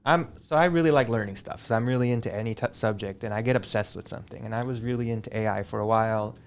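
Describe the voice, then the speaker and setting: A middle-aged man, a high school teacher, chatting as a guest on a school podcast and telling long, digressive stories. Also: fast, clean tone. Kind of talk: casual interview chat.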